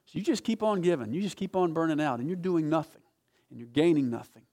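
A man preaching a sermon as pastor, telling a story with passion, swinging from loud to hushed. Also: fairly high pitch, fast talker. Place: church sanctuary.

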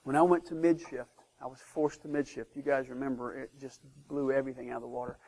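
A man preaching a sermon as pastor of his church, emphatic, swinging between loud declarations and hushed asides. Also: medium pitch, flat delivery, quick pace.

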